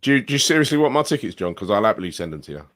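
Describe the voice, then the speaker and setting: Low-voiced blunt man. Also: very animated, racing, fairly bright tone, no room sound, clean studio sound. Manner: emphatic, swearing, blunt. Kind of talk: casual fan podcast chat.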